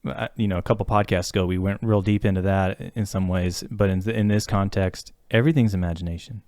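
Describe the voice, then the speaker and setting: A man with a fairly low voice talks earnestly on a podcast, circling his thoughts with fillers and restarts. The sound is dry and close, with no room around it. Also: steady tone, a little fast, darkish tone, no echo. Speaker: podcast co-host talking about therapy. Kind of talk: casual podcast conversation.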